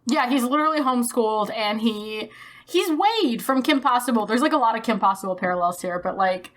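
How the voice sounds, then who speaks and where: A woman's voice: a little high, animated. A woman from Texas co-hosting a podcast in casual chat, enthusiastic and casually profane. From Texas, USA. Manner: enthusiastic, swears casually, quick bursts. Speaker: podcast co-host.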